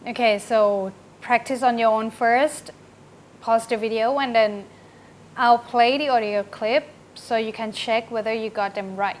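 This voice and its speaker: A woman teaching an online English lesson, giving slow, patient instructions. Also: a little high, fairly even intonation, slight background noise.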